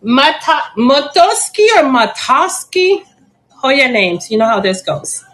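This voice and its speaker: A woman's voice: high voice, big pitch swings, takes it slowly, a bit bright, low-quality recording. A middle-aged woman hosting a casual live plant sale. She chats, giggles often and stumbles over plant names, sometimes spelling them out. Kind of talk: casual live-auction chat.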